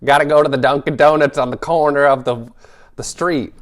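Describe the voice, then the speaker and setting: A man voicing a brash elderly woman from Boston with a hammy, fast, exaggerated Boston accent. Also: fairly high pitch, steady tone, voice pushed up, natural voice.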